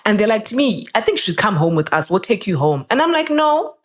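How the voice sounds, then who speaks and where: Animated woman telling a story. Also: quick pace. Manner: animated, jumps up in pitch when quoting people. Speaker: podcast guest. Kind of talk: casual storytelling.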